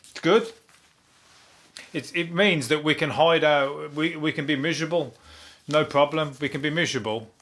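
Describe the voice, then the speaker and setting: A man's voice: medium pitch, a bit bright. A man hosting a comic news monologue, rambling and swearing, laughing at his own jokes. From Birmingham, England. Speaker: comedian podcast host.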